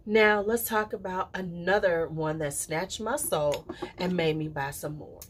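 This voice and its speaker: A woman talking casually to camera as a perfume reviewer, chatty and animated, with playful asides and quick drops to a whisper. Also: fairly low pitch, a little hiss or hum. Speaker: perfume reviewer and channel host.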